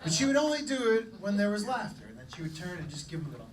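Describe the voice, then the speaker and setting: A man doing live stand-up on a comedy club stage, telling a story in an animated, profane way. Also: sits high, racing, distant mic, very noisy. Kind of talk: live stand-up crowd work.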